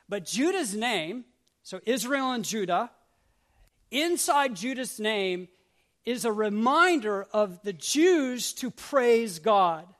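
A man preaching a sermon as pastor, swinging from urgent repeated questions to hushed prayerful lines and acting out grumbling voices. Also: high-pitched. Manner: acts out grumbling voices with asides.

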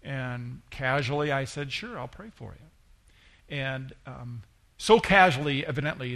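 Male pastor, middle-aged, slightly high voice, relaxed storytelling sermon delivery with acted-out quotes. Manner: conversational, acts out quoted voices with rising pitch.

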